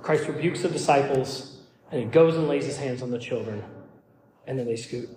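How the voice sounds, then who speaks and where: A man's voice: medium pitch, normal speed, darkish tone, slight background noise. A man preaching a sermon as pastor, emphatic and given to repeating words as he starts phrases. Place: church sanctuary. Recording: echoey church hall.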